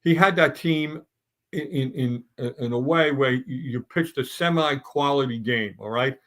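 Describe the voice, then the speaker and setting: A man's voice: mid-range voice, a little slow, fairly bright tone. A middle-aged man on a sports talk round table, ranting bluntly and stumbling through restarts as he builds his points.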